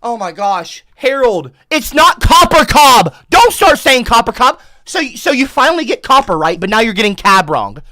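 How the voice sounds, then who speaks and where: A man's voice: very high-pitched, sing-song, moderate pace, hardly any pauses, bright, forceful tone. A man livestreaming, ranting at his chat in an exasperated, profane way.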